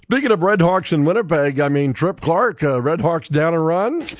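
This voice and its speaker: A man's voice: fairly high pitch, expressive, normal speed, no echo. A man hosting a sports radio show, telling stories animatedly and laughing often. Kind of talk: casual sports radio chat. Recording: dull, dry studio sound.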